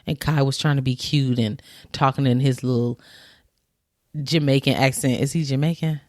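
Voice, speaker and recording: A woman with a bass voice co-hosts a podcast, telling gossip animatedly in slangy language and quoting people. She talks at normal speed. The audio is clean studio sound without echo.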